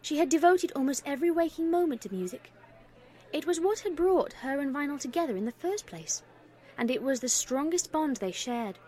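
A woman narrating a fan fiction story in an even storytelling manner. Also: high-pitched, a little fast.

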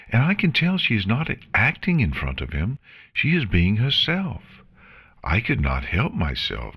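A man voicing a gentle, regal elder pony princess in a fan fiction reading, speaking in a soothing, reassuring way. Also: lowish voice, slightly rough, pitched above the performer's own voice, exaggerated voice. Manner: warm, soothing, reassuring speech.

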